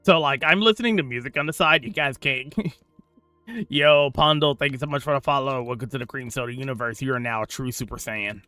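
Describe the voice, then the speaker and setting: A man's voice: mid-range voice, brisk, pushed and bright, clear, resonant tone, dry recording, soft background music. A young man chatting casually on a gaming stream into a desk mic, slangy and laughing often.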